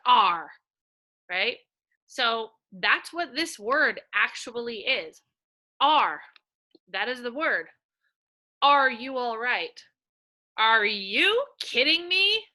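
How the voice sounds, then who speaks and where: Bright-voiced slow, sing-song woman teacher. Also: medium pitch. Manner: slow, sing-song and animated, points to pictures. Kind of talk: early-reading lesson for young children.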